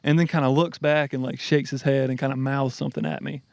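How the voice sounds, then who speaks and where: A man co-hosting a podcast, telling a story in casual chat, animated and swearing freely. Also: mid-range voice, fast talker, creaky, no room sound. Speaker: podcast co-host.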